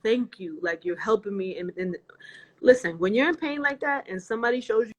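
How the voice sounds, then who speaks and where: A woman's voice: on the high side, fairly quick, highs cut off. A woman guest in a casual livestream chat, earnestly recounting a painful ordeal over a video call.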